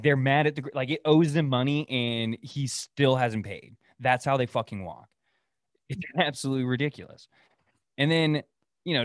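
A young man from Oregon hosts a solo podcast, his lowish voice captured in a clean, echo-free studio. He rants casually, rambling and swearing, and laughs at his own stories.

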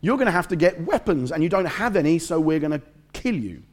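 A man's voice: on the high side, sing-song, a little fast. A man voicing a scornful, boastful male enemy commander who taunts his listeners in a sneering tone. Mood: mocking.

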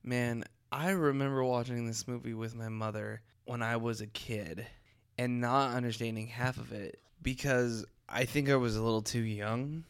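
A man's voice: mid-range voice, clean tone. A man co-hosting a podcast with his wife, joking and teasing in casual chat. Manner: playful, teasing banter. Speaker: podcast co-host.

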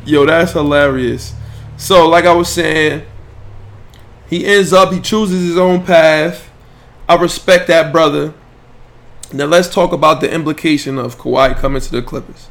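The host of this casual sports podcast livestream has a fairly high voice with vocal fry and an unhurried delivery. He animatedly talks profane trash, loose in style, and banters directly with his viewers.

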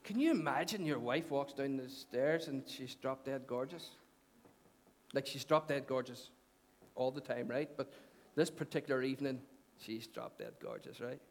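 A man speaking at medium pitch and a moderate pace preaches as pastor in a church hall. His sermon is conversational, with repeated phrases and questions put to the congregation, and the recording carries long church-hall reverb.

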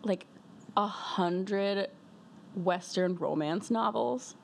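Chill young woman podcasting while high, laid-back, swears a lot, faint room noise. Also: drawn-out words, creaky. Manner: laid-back, giggly, profane. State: high from smoking. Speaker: podcast co-host. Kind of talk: casual chat. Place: apartment in Chicago.

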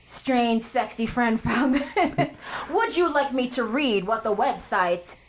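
A woman's voice: a little high, animated, slow pace, a crowd in the background. A woman co-hosting a casual comedic podcast, blunt and playful, laughing often. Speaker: podcast co-host.

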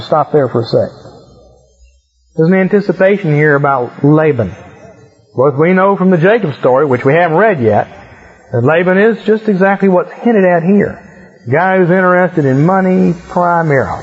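Brief: male Bible teacher, slightly high husky voice, reads verses then chats about them; lo-fi. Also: moderate pace. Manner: reads verses, then explains in relaxed asides. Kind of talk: scripture reading with casual commentary. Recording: muffled lo-fi recording.

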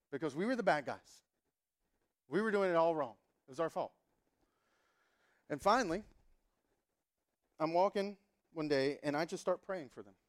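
A man in his thirties, a pastor telling a humorous story in a sermon and acting out the dialogue. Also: a little high. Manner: animated, humorous, acts out dialogue.

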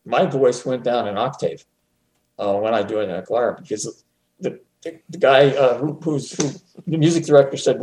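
A man chatting as a guest on a talk show, often chuckling and repeating words when he gets excited. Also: mid-range voice, normal speed. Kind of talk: casual conversation. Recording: roomy echo.

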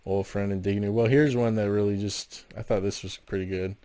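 A man with a slightly low voice co-hosts a casual podcast. He rambles along loosely, leaning on fillers as he tells his stories. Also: fairly even intonation, a little fast, dark tone, no echo. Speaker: podcast co-host. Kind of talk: casual chat.

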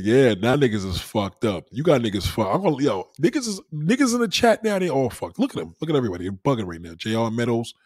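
A man hosting a casual late-night livestream, reacting loudly to chat with profane, laughing banter. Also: mid-range voice, huge pitch swings, fast, few pauses, husky, dry recording. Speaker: livestream host.

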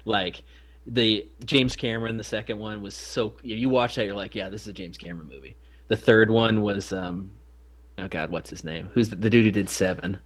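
A man's voice: lowish voice, fairly even intonation, moderate pace. A man co-hosting a podcast in casual chat, rambling with many restarts and some swearing. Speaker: podcast co-host.

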